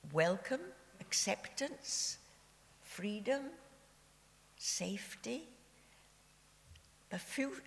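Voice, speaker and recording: Very old lady telling her story real slow, measured and a bit wry, long hall reverb. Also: mid-range voice. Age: 90s. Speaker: Holocaust survivor giving testimony. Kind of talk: personal testimony speech. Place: civic memorial event in a hall.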